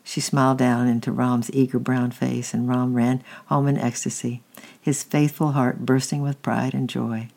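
A reader reading a children's story aloud, unhurried and halting, often correcting slips. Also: medium pitch, little pitch movement, gravelly, darkish tone.

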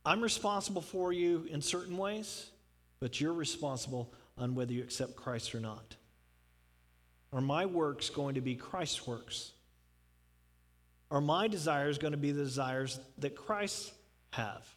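A man's voice: a little high, fairly bright tone. A man preaching a sermon as pastor, emphatic and rising into fervent appeals, then closing in prayer. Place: church sanctuary. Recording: long hall reverb.

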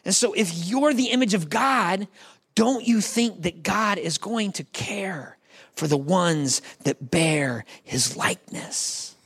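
A man's voice: high-pitched, animated, takes it slowly, creaky, fairly bright tone, husky. A man preaching a sermon in a conversational, joking way, talking straight to the congregation. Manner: acts out quoted voices. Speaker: pastor.

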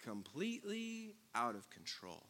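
A man preaching a sermon as pastor, mixing loud jokes with quiet, earnest passages. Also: mid-range voice, huge pitch swings, measured pace, a little hiss or hum.

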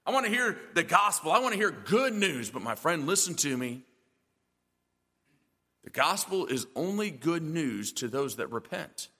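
A man's voice: fairly high pitch, very animated, normal speed, pushed and bright, big-room sound. A male pastor preaching a sermon in a church, emphatic and full of rhetorical questions.

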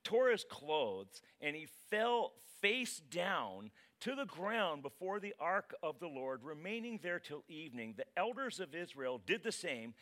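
A man preaching a casual, conversational sermon as pastor, dramatic and animated. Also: a little high.

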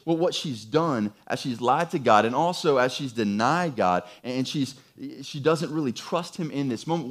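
Brief: a casual, emphatic male preacher with a lively, animated delivery. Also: mid-range voice. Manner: conversational, emphatic, repeats phrases. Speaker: pastor. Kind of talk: sermon.

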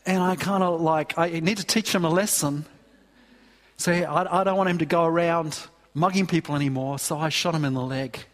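A man voicing an excited new convert, eager, earnest and gushing. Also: on the high side, moderate pace, close to an everyday voice. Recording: long hall reverb.

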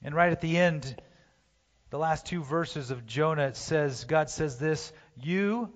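A man preaching a sermon, impassioned, swinging from loud urging to hushed pleading, recorded in a church sanctuary. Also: fairly high pitch, a little slow. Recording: dull, roomy church hall sound.

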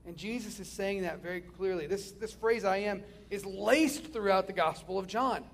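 A male preacher with a high, gravelly voice delivering a sermon. He is dynamic, pushing hard on key phrases and then dropping to a hush. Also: normal speed. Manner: dynamic, swings from loud emphasis to hushed near-whispers.

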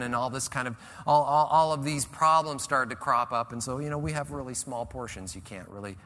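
A male pastor preaching a conversational, animated sermon and acting out the people he describes. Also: medium pitch. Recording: reverberant church hall.

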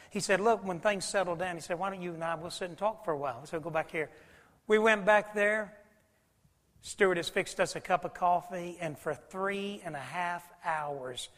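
A man preaching a sermon, telling a folksy story and swinging between loud and hushed. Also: high voice. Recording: long hall reverb.

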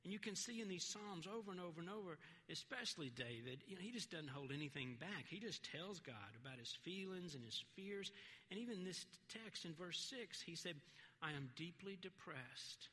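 Pastor guy preaching, high bright voice, chatty and earnest, big hall echo. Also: animated, moderate pace. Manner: conversational, earnest, breaks into quoted voices and light laughs. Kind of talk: sermon.

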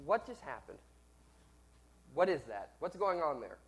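A man's voice: fairly high pitch, big pitch swings, a little slow, pauses often, muffled recording. A man who is a little sick, preaching and teaching in a conversational way and asking his listeners questions. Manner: conversational, asks the audience questions. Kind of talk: sermon and teaching.

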